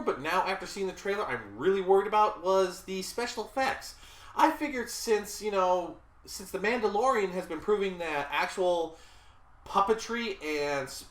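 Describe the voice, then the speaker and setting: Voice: medium pitch, a bit bright. A reviewer in their thirties from the American South, giving a blunt, casual movie rant and often saying sorry between complaints. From Southern United States. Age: 30s. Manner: blunt and exasperated, with repeated apologies. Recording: roomy echo.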